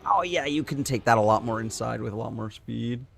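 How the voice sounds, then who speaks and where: A man live-streaming a racing game, reacting with excited, swearing, laughing commentary as he plays and chats. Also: mid-range voice, brisk, creaky. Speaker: gaming streamer.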